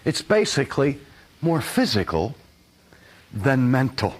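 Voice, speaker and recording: An older man giving a recorded lecture, animated and fond of acting out his examples in voices. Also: mid-range voice, measured pace. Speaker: teacher.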